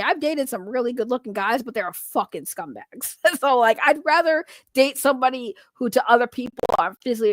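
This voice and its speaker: Reacting to her chat, a livestream host talks casually with viewers, laughing often, cursing freely, and putting on sarcastic, mock-innocent protests. Her voice is on the high side, recorded in studio quality without echo.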